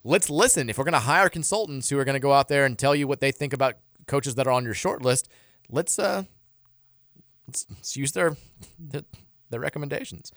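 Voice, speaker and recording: A man's voice: medium pitch, brisk, no room sound, studio quality. Male sports radio host, rambling. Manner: animated, rambling, frequent restarts and repeated words. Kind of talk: casual sports talk radio. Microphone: studio microphone.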